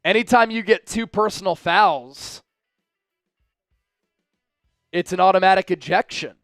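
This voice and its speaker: A man hosting a fan livestream, giving excitable live commentary on the game, shouting at big plays and talking directly to his viewers. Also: sits high, normal speed, no echo, faint music behind. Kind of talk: live watch-along commentary.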